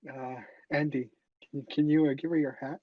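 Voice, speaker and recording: A man's voice: fairly high pitch, little pitch movement, moderate pace, a little hiss or hum. A man playing a tabletop game, speaking casually and a little hesitantly. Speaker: player. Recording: dull, muffled lo-fi mic.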